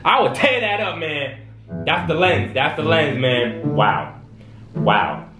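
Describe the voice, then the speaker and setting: A man casually reacting to videos for his viewers, excitable and slangy, often drawn-out in his amazement. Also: on the high side. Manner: excitable, slangy, talks to viewers, lots of "bro" and "wow". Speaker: YouTube reaction host. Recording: echoey room with music behind.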